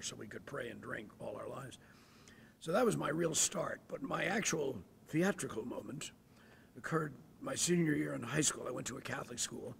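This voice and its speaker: A man in his sixties, an actor telling stories in an interview, animated and dropping to hushed asides. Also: medium pitch, vocal fry, a little hiss or hum. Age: 60s. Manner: animated, drops to hushed asides, acts out voices. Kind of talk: anecdotal storytelling. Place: theatre.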